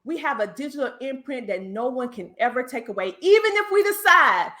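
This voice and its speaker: A woman with a Southern US twang speaks on a video call as a business coach. She delivers an emphatic, preacher-like pep talk and calls her listeners honey. Her voice is bright and fairly high. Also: animated, a little fast. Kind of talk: motivational speech in an online panel.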